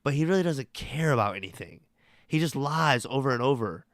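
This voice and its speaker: A man's voice: medium pitch, expressive, a little fast, no echo, studio quality. A male host giving profane, mocking commentary on news clips, talking bluntly and swearing freely. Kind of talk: profane, heated political commentary.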